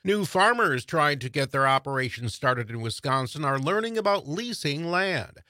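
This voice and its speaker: A man reads a scripted radio news bulletin at a measured pace. His voice is bright and forward, and the studio sound is dry and close. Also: on the high side, lively intonation, no room sound. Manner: crisp, measured delivery. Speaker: newsreader.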